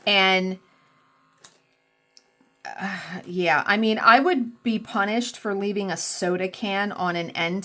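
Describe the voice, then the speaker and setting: A woman's voice: mid-range voice, bright, forceful tone. A woman in her forties chatting candidly as a crafting vlogger, rambling and swearing freely while she works. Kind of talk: casual storytelling chat while crafting.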